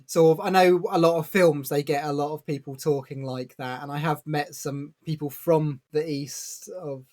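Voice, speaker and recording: A man with a voice a little higher than most, talking through a book in a relaxed podcast chat. He explains at length and drops small laughs as he goes. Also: moderate pace. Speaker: podcast co-host. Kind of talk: casual book-review chat.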